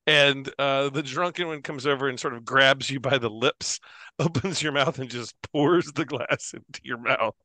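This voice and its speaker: A man narrating a tabletop game as game master in an unhurried, lively way. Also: medium pitch, dry recording.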